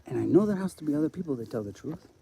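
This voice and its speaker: A man's voice: fairly high pitch, animated, rapid-fire, gravelly, dark tone, a little hiss or hum, poor audio. A man talking on a live stream in a rambling, profane monologue that jumps from topic to topic.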